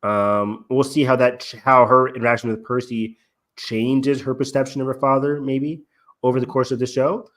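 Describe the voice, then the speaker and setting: A man's voice: mid-range voice, little pitch movement, moderate pace, a bit bright. A young man co-hosting a casual review chat, rambling with lots of fillers and acting out lines he quotes. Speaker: podcast co-host.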